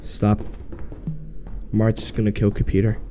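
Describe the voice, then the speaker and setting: Slow-talking man barking voice commands. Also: fairly low pitch, monotone, music in the background. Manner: repeats short voice commands, swears when they fail. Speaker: gamer. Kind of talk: casual gameplay chat.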